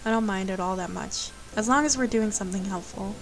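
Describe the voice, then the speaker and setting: A woman's voice: medium pitch, fairly quick, soft background music, poor audio. A woman hosting a let's play, reading a visual novel aloud and breaking off for playful, chatty asides.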